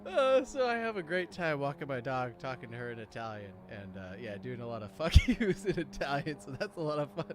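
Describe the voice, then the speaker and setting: A man's voice: fairly high pitch, very animated, fairly quick, few pauses. A man hosting a casual sim racing review, joking, swearing and laughing often. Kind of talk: casual chat, race commentary.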